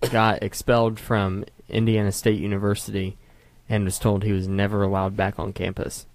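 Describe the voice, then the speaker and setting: Young man, low voice, dry close sound, rambling storyteller, casual podcast chat. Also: flat delivery, moderate pace, gravelly, no room sound. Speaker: podcast co-host. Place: home.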